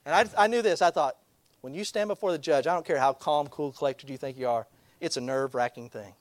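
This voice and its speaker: A man's voice: a little high, fast, no room sound. A man who is a pastor telling a funny personal story, acting out the people in it. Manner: animated storyteller, acts out other people. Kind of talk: storytelling sermon.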